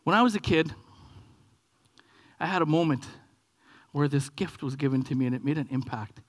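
At a normal speed, a man in his forties from Canada tells a childhood story in his sermon, playing out the scenes. He moves between hushed whispers and high-pitched bursts of excitement.

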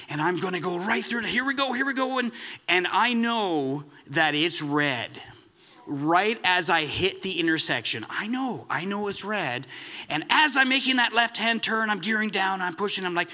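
A man's voice: high voice, animated, moderate pace, pushed and bright. A man preaching a sermon in a chatty, self-deprecating storytelling way, with many restarts. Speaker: pastor.

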